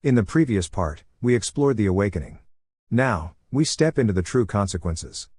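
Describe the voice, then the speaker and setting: A man with a low voice narrates a fan-fiction story in a smooth, even, scripted reading. The sound is dry and close, with no room echo. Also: normal speed. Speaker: storyteller channel host.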